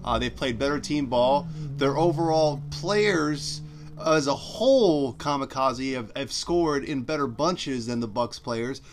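A man's voice: medium pitch, a little slow. A man co-hosting a sports podcast in casual, playful chat, often talking up his partner. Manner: playful, talks up his co-host.

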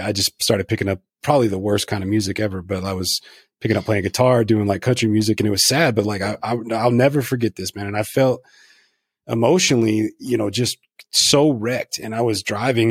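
A middle-aged man with a husky, somewhat low voice, hosting a podcast interview. He talks frankly and reflectively and swears freely. The sound is dry and close, with no room echo. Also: fairly even intonation, quick pace. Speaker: podcast host. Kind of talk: candid conversational interview.

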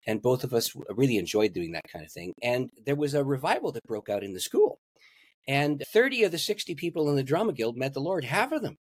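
A man's voice: medium pitch, big pitch swings, fast, dry recording, clean studio sound. A man, a pastor and guest, telling a story in an interview and laughing at his own stories.

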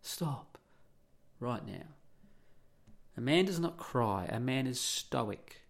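Gravelly, blunt middle-aged man ranting. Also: medium pitch, lively intonation, takes it slowly. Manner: blunt, profane, rhetorical questions. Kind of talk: opinionated monologue.

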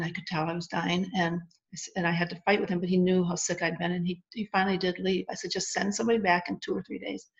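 A middle-aged woman telling a personal story as an interview guest, acting out quoted dialogue as she goes. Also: fairly low pitch. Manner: animated retelling with quoted dialogue. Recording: lo-fi muffled audio.

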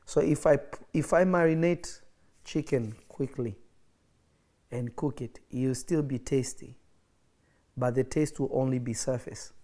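A man's voice: mid-range voice, a little slow, pauses often, dark tone. Emphatic preacher man, repeating phrases. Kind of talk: livestreamed sermon.

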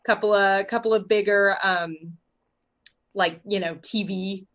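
A woman's voice: mid-range voice, steady tone, measured pace, a bit bright. A woman co-hosting a casual chat about TV, chatty and full of fillers, with trailing thoughts.

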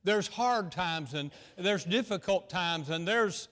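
Pastor, male, folksy and repetitive, slightly high voice, long church reverb. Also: slow pace. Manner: folksy, repetitive, swings between loud and hushed. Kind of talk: sermon.

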